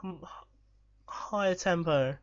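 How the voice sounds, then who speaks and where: A man commentating live on his football management game, excitable and swearing when chances are missed. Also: sits high, slow, no room sound, dull audio. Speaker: gaming YouTuber.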